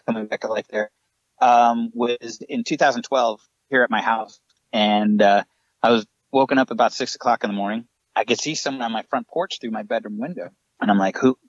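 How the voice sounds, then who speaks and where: A man's voice: medium pitch, no room sound, lo-fi sound. A man, a paranormal investigator, earnestly recounting his ghost encounters as a podcast guest. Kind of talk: storytelling in a podcast interview.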